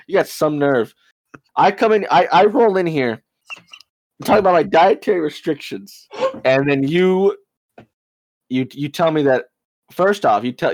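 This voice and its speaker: A man's voice: on the high side, no echo, lightly acted. A man playing a belligerent, sarcastic male customer in an improvised comedy sketch, repeating his demands. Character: indignant, combative male customer.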